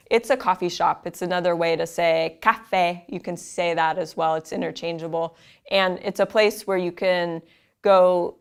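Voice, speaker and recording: A woman teaching a language lesson, saying each word slowly and then repeating it for learners. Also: fairly low pitch, steady tone, creaky, clear, resonant tone. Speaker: Italian teacher.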